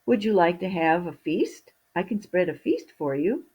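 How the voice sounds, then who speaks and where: A woman's voice: fairly low pitch, lively intonation, normal speed, slightly rough, muffled recording. A woman voicing a humble, kindly young male archer who talks in a friendly, good-natured way, in a storybook telling. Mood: lively.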